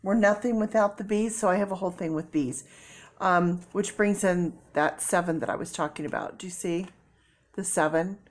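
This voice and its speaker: A tearful middle-aged woman talks through a tarot reading in a slightly low voice. She thinks aloud and breaks into soft exclamations as the cards come up. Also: normal speed. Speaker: tarot reader. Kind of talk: casual tarot reading to camera.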